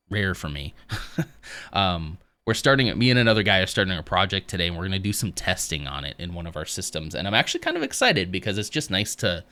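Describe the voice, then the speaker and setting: Male streamer, casual, self-deprecating chatter, lower pitch, bright edge. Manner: rambling, self-deprecating, laughs often. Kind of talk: casual chat with live chat.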